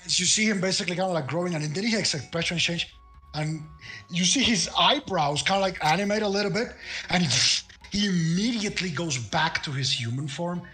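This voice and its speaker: A man's voice: high-pitched, brisk, bright, forceful tone, faint music behind. A man narrating a tabletop game as game master, casual and sweary, with lots of fillers.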